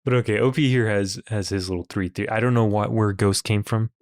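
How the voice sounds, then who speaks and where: A low-pitched man co-hosting a casual comedy podcast, laughing often as he reads comments and rambles through stories. The sound is dry and close, with no room around it. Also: steady tone, quick pace, dry recording. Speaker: podcast co-host.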